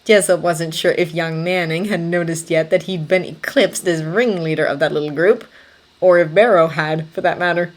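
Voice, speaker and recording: A woman reading fanfiction aloud as audiobook narration, even and unhurried. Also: fairly low pitch. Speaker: fanfiction reader.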